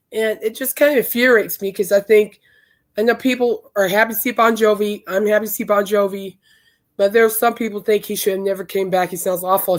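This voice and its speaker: Hoarse woman, podcast host, casual chat, emphatic, average pitch. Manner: chatty, emphatic and indignant. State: hoarse from singing.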